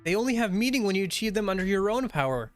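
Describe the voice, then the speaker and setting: A man's voice: high voice, very animated, quick pace, faint music behind, pitched above the performer's own voice. A man reading aloud the lines of an earnest, idealistic young woman.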